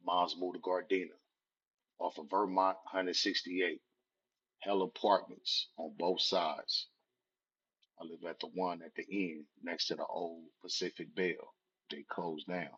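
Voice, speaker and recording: A Southern California vlogger in his forties tells a personal story casually in laid-back street slang. His voice is deep, sharp in tone, and slightly rough, and the recording sounds dull and lo-fi.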